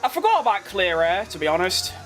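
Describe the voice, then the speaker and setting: Excitable high-voiced man racing. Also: a little fast, slight background noise. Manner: excitable, exclaims at close moments. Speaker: gaming streamer. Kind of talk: live racing game commentary.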